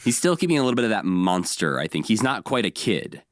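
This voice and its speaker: A man with a fairly low voice walks through episode recaps in a casual podcast chat. He tells it with energy and now and then slips into quick character voices. The recording is close and dry, with no room sound. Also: very animated, dry recording. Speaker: podcast co-host.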